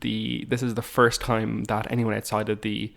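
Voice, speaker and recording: A man's voice: fairly low pitch, level tone, creaky, fairly bright tone. Chatty man, podcast co-host. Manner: chatty, self-mocking, quick restarts. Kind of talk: casual chat.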